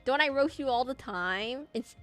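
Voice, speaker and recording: A woman's voice: high voice, expressive, normal speed, fairly bright tone. A young woman streaming a game, rambling and laughing as she tells stories to her chat. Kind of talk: casual gameplay stream chat. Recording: game music behind.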